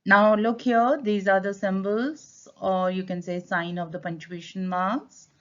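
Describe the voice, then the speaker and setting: Indian teacher explaining grammar, lo-fi. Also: female voice, medium pitch, steady tone, measured pace, a bit bright. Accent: Indian English. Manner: switches to Hindi to explain. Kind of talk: classroom grammar lesson. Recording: dull lo-fi sound.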